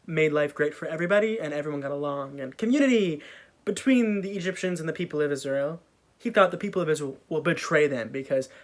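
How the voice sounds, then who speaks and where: A man casually retelling an old story in a jokey, slang-filled way with offhand asides. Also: fairly high pitch.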